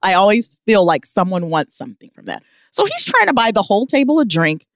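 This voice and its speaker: A woman co-hosting a podcast, telling a comic story with emphatic, animated delivery and frequent laughter. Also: medium pitch, fairly quick, no echo, clean studio sound. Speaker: podcast co-host. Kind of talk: casual comedic storytelling.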